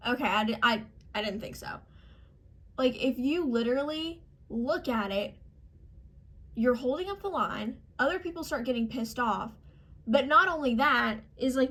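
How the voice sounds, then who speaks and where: A woman's voice: high-pitched, a bit bright. A young woman vlogger telling an exasperated, emphatic story to camera, acting out the people she quotes. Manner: exasperated, emphatic, quoting others in acted voices. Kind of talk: casual storytime rant.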